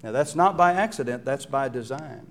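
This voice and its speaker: A man preaching a sermon, telling a Bible story with lively acted-out quotes and rhetorical questions to his listeners. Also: medium pitch, moderate pace.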